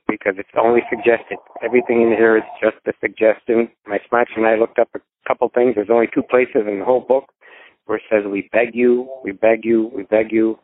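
A man sharing at a phone recovery meeting, explaining in a casual way with everyday examples. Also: on the low side. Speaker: meeting participant. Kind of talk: personal recovery share. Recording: tinny phone line.

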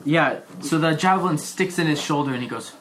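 A woman running a tabletop game as game master, explaining rules and narrating in a relaxed, chatty way. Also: deep voice, brisk, low-quality recording.

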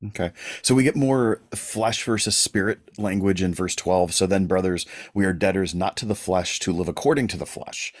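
A man's voice: deep voice, normal speed, hardly any pauses, dry recording. A man co-hosting a podcast, chatting casually, often murmuring agreement and telling a short anecdote. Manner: attentive listener with frequent murmured agreement. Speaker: podcast co-host. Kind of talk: casual chat.

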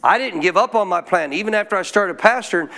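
High-voiced pastor preaching to a congregation. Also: male voice, expressive, fast talker, bright, forceful tone. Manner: calls out questions to the congregation. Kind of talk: sermon. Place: church.

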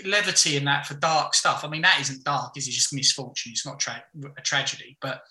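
A man tells stories in a loose, casual podcast chat, often stopping to restart his sentences. His voice sits a little high and sounds very bright. The room around him is echoey. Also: brisk. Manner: frank, rambling storyteller with many restarts. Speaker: podcast guest.

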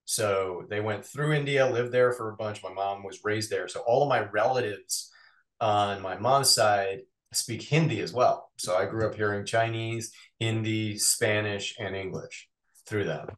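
A man who works as a voice actor, chatting casually as an interview guest in an animated, rambling way with quick asides. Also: on the low side, roomy sound.

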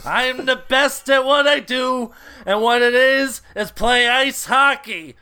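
A brash, hammy middle-aged actor hams up a put-on Canadian accent. The voice sits very high and sharp, drawled out slowly. He tacks "eh" onto his lines like a parody. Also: clean tone, heavily acted. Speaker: podcast co-host. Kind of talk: comic impression on a podcast.

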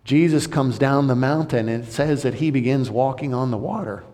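A male pastor preaching a sermon, dramatic, swinging between loud, high outbursts and hushed, low passages. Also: normal speed. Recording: long hall reverb.

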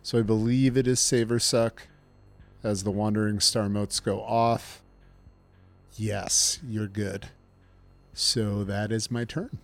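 A man playing a tabletop game, joking with the table and narrating his character's actions in a playful, drawn-out way. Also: on the low side, level tone, creaky, soft background music. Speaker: player.

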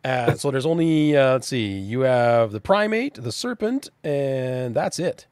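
A man's voice: medium pitch, lively intonation, unhurried, darkish tone, clean tone, dry recording, studio quality. Man running a pirate tabletop game. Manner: casual, chatty, laughs often, frequent restarts. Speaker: game master.

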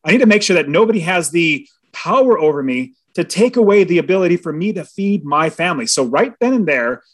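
A middle-aged man tells a personal story as a podcast guest, voicing his own thoughts and the people around him. His voice sits a little high for a man. The delivery is animated and earnest. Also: a little fast. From California. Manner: animated storyteller, acts out quotes and inner thoughts.

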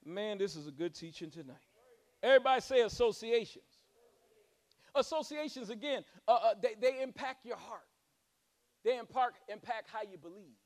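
Fervent high-voiced preacher man. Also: expressive, normal speed. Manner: preaching with rising fervor and humorous asides. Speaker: pastor. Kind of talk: sermon.

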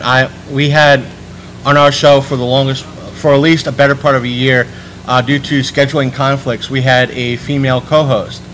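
A man's voice: mid-range voice, fairly even intonation, moderate pace, a bit bright, slight background noise, low-quality recording. A man hosting a podcast panel, talking casually and rambling with frequent restarts. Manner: chatty, rambling with many restarts.

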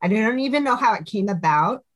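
A woman's voice: a little high, animated, fairly quick, fairly bright tone. A woman, a hardcore band singer, chatting casually as a podcast guest, laughing often and saying "like" a lot.

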